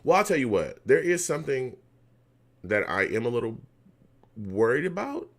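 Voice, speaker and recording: A man's voice: sits low, vocal fry. Fired-up male fan ranting live. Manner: animated, heated rants at the team. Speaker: host of a live fan reaction stream. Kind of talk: live play-by-play fan reaction, reading chat.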